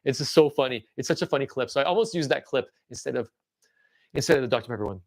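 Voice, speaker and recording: A man in his forties hosting a casual livestream show-and-tell, rambling with stammering restarts and excited tangents. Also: mid-range voice, fast. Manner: excitable and enthusiastic. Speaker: livestream host.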